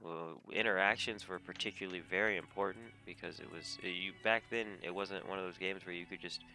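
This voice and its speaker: A man giving a casual, rambling rant about video games on a desk mic, animated and often laughing. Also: low-pitched, brisk. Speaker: gamer vlogger. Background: faint game music.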